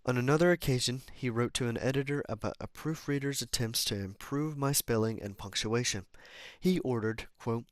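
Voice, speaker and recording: A man's voice: mid-range voice, moderate pace, no room sound. Man reading aloud, dry close sound. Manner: stumbles, restarts and corrects himself while reading; casual asides and apologies between passages. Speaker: amateur reader. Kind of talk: reading a self-help book aloud.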